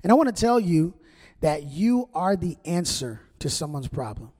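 A man's voice: a little high, sing-song, moderate pace, warm tone. Male pastor preaching in a reverberant church. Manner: conversational preaching with call-and-response. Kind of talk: sermon. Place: church sanctuary. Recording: long church hall reverb.

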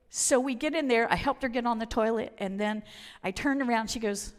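A woman preaching a sermon and telling personal stories, swinging from loud emphatic lines down to near whispers. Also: a little high, a little fast. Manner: dramatic shifts from loud to whispered. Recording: long reverb of a hall.

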